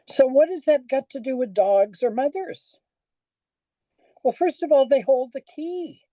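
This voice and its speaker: Mellow-voiced older woman preaching a sermon. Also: sits high, lively intonation, unhurried, no room sound, rough recording. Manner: conversational, storytelling, asks the congregation questions. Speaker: pastor.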